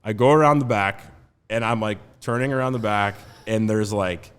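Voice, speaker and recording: A man's voice: on the low side, normal speed, clear, resonant tone. Man telling a story, roomy reverb. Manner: animated, laughing often, many fillers. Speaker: podcast guest. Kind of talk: casual storytelling.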